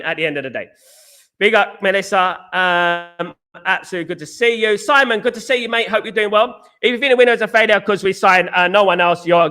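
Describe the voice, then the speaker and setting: A British man hosts a casual live stream, speaking emphatically, repeating himself, and reading viewer comments aloud. His voice is high and bright with a forceful tone.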